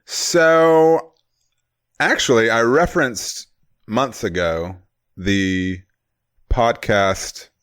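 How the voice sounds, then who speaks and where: A man's voice: medium pitch, extremely slow, long pauses, fairly bright tone, clean tone, no room sound, studio quality. A man co-hosting a podcast in casual chat, rambling and wry, often correcting himself. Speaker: podcast co-host.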